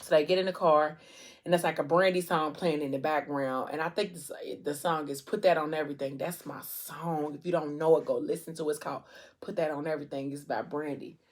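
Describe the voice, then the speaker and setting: A woman's voice: low-pitched, fairly even intonation, brisk. A woman vlogger casually retelling a long story between bites, chatty and slangy, with lots of "like" and "um". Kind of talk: casual storytelling during a mukbang.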